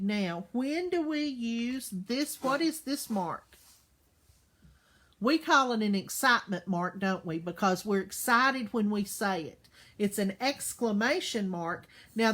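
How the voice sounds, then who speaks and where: A woman teacher giving a recorded lesson to young children, patient and full of questions. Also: on the high side. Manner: slow, patient, asks questions and checks in with "okay?".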